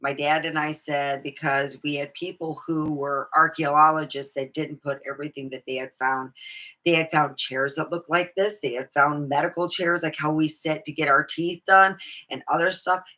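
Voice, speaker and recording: A woman's voice: low-pitched, fairly even intonation, moderate pace, bright, forceful tone. A woman talking alone in her room in a rambling, swearing vlog monologue, laughing at her own jokes. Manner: rambling, swearing, jumps between topics. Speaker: vlogger.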